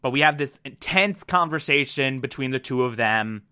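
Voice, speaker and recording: A man's voice: mid-range voice, lively intonation, normal speed, bright, forceful tone, smooth. A man casually recapping a TV episode, enthusiastic and rambling, laughing at himself. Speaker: TV episode reviewer. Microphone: desk mic.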